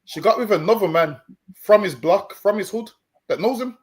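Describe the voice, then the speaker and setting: On a stream, a man with a high, expressive voice preaches and lectures at a moderate pace as the street preacher co-host. He often trips over repeated words and keeps saying "listen, man."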